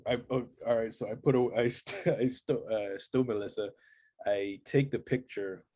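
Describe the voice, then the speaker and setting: A man playing a tabletop game, halting and playful, laughing between his lines. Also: mid-range voice, dark tone, a little hiss or hum. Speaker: player.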